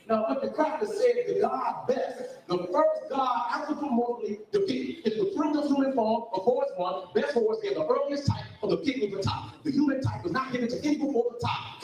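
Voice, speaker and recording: A man in a heated online debate, ranting with passion and frequent swearing as he argues his point. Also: very high-pitched. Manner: impassioned, profane ranting. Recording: echoey, distant from the mic.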